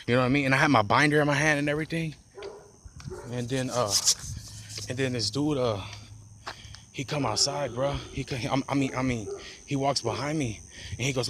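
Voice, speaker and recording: A man tells a street story in a loose, rambling way, piling on profane slang and starting sentences over. His voice sits in an ordinary middle pitch. It is caught on a phone outdoors, with a faint wash of ambience behind him. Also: steady tone, a little fast, long pauses, background noise. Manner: rambling, profane slang with frequent restarts and "bro". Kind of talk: casual storytime monologue.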